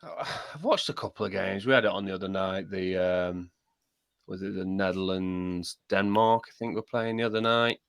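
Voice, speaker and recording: A man co-hosting a football podcast, talking in a halting way with many restarts in casual chat. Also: low-pitched, vocal fry, clear, resonant tone, no room sound. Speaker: podcast co-host.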